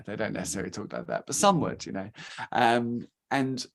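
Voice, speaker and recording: A man's voice: mid-range voice, brisk, creaky. A man in his thirties from England, talking casually at a rum tasting and acting out quoted reactions. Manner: chatty, animated, acts out quoted reactions. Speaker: guest speaker from a rum company.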